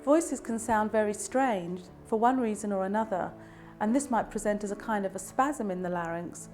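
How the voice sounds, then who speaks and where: Calm woman explaining clearly. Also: mid-range voice, normal speed, faint music behind. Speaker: speech and language therapist. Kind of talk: explanatory educational talk to camera.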